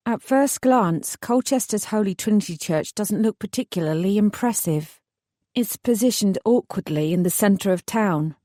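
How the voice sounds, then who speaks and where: A woman narrating a romantic fantasy audiobook in the first person with even, measured storytelling. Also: mid-range voice, no room sound, clean studio sound.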